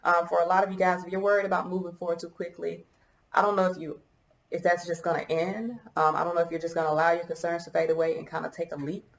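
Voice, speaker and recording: Gravelly low-voiced woman reading tarot cards. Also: little pitch movement, fast talker, echoey room, low-quality recording. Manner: musing, hesitant, thinks aloud with many restarts. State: choked up, coughing. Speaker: tarot reader. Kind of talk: casual tarot reading to viewers.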